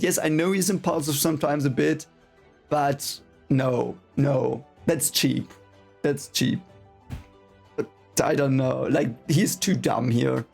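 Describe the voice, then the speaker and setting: This book reaction reader has a fairly high, gravelly voice that's a little mellow. Taking in a fantasy novel aloud for the first time, he vents in frustrated, swearing rants, apologizing and saying the same phrases over again.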